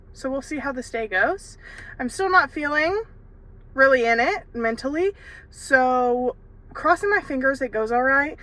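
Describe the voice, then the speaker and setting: Holding her phone camera during a lunch-break run of car time and errands, a young woman chats candidly in a casual vlog, filling her talk with fillers and laughter. Her voice is on the high side, bright and forceful.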